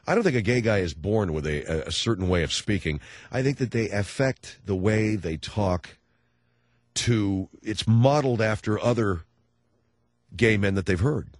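A man hosting a talk radio show, chatting with callers in a rambling, halting way full of fillers and restarts, joking and slipping into mocking voices. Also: lowish voice, no echo, clean studio sound. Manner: jokey, breaks into mocking voices.

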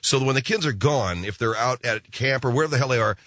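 This fast-talking, medium-pitched middle-aged man is hosting late-night radio and telling a story that rambles through many side remarks. He voices the characters in an animated way. He's recorded in a radio studio on a studio mic, with no room sound.

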